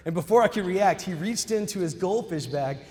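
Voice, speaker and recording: A man's voice: high voice, expressive, brisk, warm tone. A middle-aged man giving a ceremony keynote speech, telling a story and addressing the audience as y'all. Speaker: keynote speaker. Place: large hall. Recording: echoey hall with long reverb.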